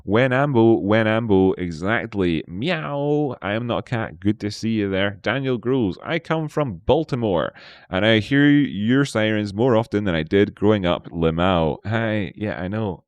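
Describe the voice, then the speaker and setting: Low-voiced man hosting a trading stream. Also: normal speed, clean tone, no room sound. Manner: playful, chats with viewers and talks to himself. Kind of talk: live market analysis stream.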